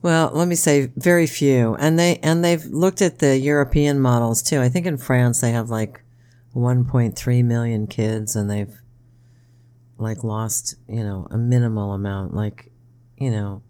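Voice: a little slow, clean tone. Chatty podcast cohost, tells stories with lots of you knows, laughs a lot. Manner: animated storyteller, jumps into high-pitched impressions, laughs often. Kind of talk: casual chat.

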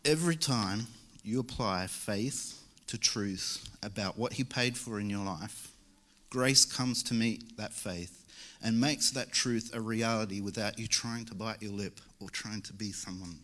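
A man's voice: lowish voice, unhurried, a bit bright. A young man preaching a church sermon in a casual, joking way. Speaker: lay preacher. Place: church service.

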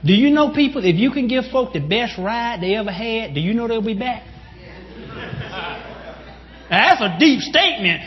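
A male pastor delivers an animated sermon in a very high, swooping voice, breaking into shouts as he speaks straight to the congregation. The recording is dull and lo-fi, with a long reverb trailing off the walls of a large hall. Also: normal speed, pauses often. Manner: animated preaching, bursts into shouts, addresses the congregation directly.

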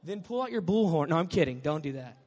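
A male pastor preaches with a high, bright voice that swings from quiet asides to loud bursts. His delivery is lively and humorous. The sound rings with the long reverb of a large church sanctuary. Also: fast. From Southern California. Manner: animated, joking preacher with sudden loud bursts. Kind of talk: sermon.

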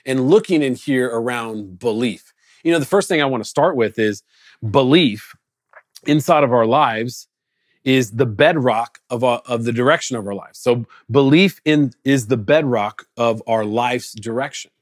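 A man with a mid-range voice speaks at a moderate pace, recorded cleanly in studio quality with no echo. He's a pastor delivering a casual, conversational sermon, telling animated stories and acting out quotes, recorded away from his congregation during lockdown.

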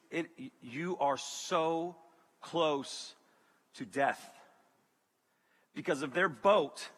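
A man preaching to students as a youth pastor, animated and joking, talking to the crowd. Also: fairly high pitch. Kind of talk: sermon to students. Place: large hall with audience. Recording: reverberant hall.

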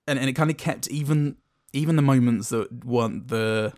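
A man's voice: medium pitch, moderate pace, darkish tone, no room sound. Dry, rambling male podcast co-host. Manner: rambling, dry, self-amused. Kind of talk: casual movie-review chat.

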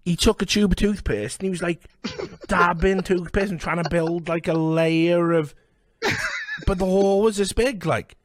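A man's voice: sits high, steady tone, moderate pace, dry recording, studio quality. A young Welsh man casually telling a story on a podcast, swearing freely, laughing and acting out the voices of the people in it. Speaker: podcast host.

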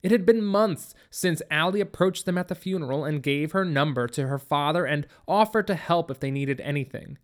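Steady audiobook narrator. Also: medium pitch, normal speed, few pauses.

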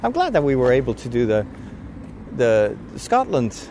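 Against a noisy background, a vlogger talks casually as he walks outdoors, his medium-pitched voice making huge pitch swings at a normal speed. He's rambling and chatty, laughing frequently and a bit out of breath.

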